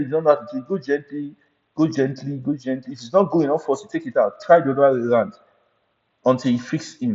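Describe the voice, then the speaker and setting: A man's voice: mid-range voice, darkish tone. A man teaching an IT certification lesson, repeating points and often checking in with "right?" and "you understand?". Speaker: IT certification instructor. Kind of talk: recorded training lecture. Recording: muffled audio with long hall reverb.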